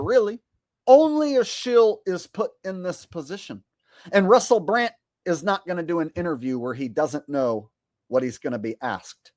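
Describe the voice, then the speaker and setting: A man's voice: on the high side, no room sound. A man ranting to camera as a comedy commentator, blunt, sarcastic and full of swearing. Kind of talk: profane rant to camera.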